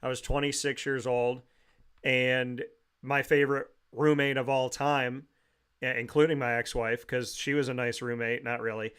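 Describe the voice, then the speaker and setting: A man's voice: mid-range voice, little pitch movement, normal speed, fairly bright tone, smooth. A man hosting a talk show, telling heartfelt family memories in a rambling way with frequent restarts.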